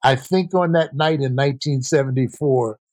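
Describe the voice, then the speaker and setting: A man's voice: medium pitch, moderate pace, no echo. An older man, a former basketball player and coach, telling stories in an interview and acting out the voices of the people in them. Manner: animated, acts out quoted voices. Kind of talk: storytelling interview answer.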